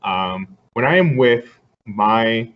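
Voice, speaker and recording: A man's voice: medium pitch, animated, slow. A man from Puerto Rico giving an earnest, conversational online lecture and answering questions, with frequent fillers. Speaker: guest lecturer. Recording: slightly dull video-call audio with faint background noise.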